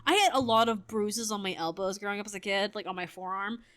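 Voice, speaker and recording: A woman's voice: mid-range voice, fast talker, fairly bright tone. A woman in her thirties telling a story casually while gaming, rambling and correcting herself, with frequent laughter. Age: 30s. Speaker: gaming streamer.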